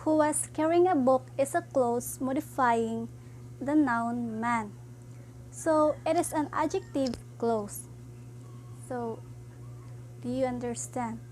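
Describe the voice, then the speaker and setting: Slow, halting high-voiced woman teacher. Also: a little mellow, a little hiss or hum, rough recording. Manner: slow, halting explanation with frequent "so" and "um". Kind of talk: classroom grammar lesson.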